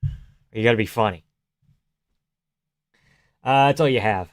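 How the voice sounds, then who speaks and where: Man, live stream host, reads chat aloud, joking, casual, mid pitch. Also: measured pace. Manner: joking, reads viewer messages aloud, trails into near-whispers.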